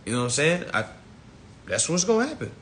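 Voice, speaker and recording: A man's voice: big pitch swings, quick pace, a bit bright, slight background noise. A man hosting an online class on a live stream, ranting bluntly and mockingly at his listeners. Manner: blunt, profane, mocking, mimics people in high voices. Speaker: online finance class host.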